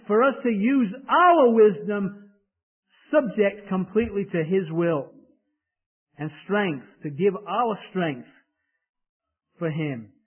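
A man from England preaching a sermon in an emphatic style, rising loud and dropping soft. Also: high voice, breathy edge. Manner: emphatic preaching with swells and drops in volume. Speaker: pastor. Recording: tinny phone-like sound.

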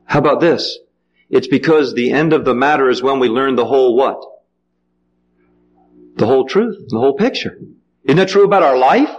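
Male pastor, high-pitched, delivers a verse-by-verse sermon with call-and-response questions, slightly dull lo-fi sound. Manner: dramatic swings in pitch and pace.

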